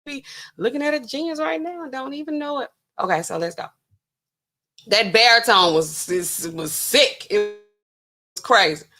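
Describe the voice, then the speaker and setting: A woman pharmacist hosting a casual reaction commentary, talking in a sassy, colloquial, animated way. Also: moderate pace, soft background music. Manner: animated, sassy, colloquial, swings pitch for emphasis. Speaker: pharmacist host.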